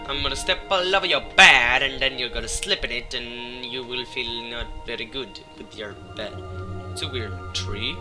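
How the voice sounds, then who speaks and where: A man with a hoarse, sick voice doing casual gameplay commentary, excitable and swearing as he talks to things in the game. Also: mid-range voice. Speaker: let's play gamer. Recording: game music behind voice. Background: game music.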